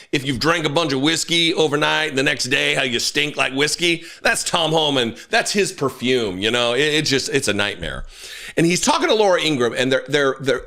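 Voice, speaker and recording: A man hosting his own political commentary show, angry and animated, with blunt swearing and quick asides. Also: a little high.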